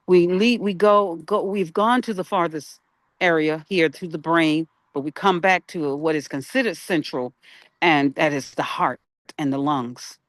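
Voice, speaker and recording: A broadcast host giving an unscripted spiritual talk on peacemaking, halting and searching for words, asking the listener questions. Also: mid-range voice, no room sound.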